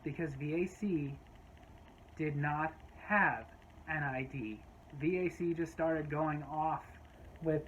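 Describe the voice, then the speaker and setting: A woman's voice: low-pitched, moderate pace, slight background noise, rough recording. Woman storyteller, casual vlog delivery, wry and exasperated tone. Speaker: storyteller, former gas station clerk.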